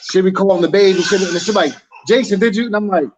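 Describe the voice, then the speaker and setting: A man co-hosting a casual chat, explaining his view in a relaxed, humorous, conversational way. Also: sits high, racing, lo-fi sound, noisy background. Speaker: podcast co-host.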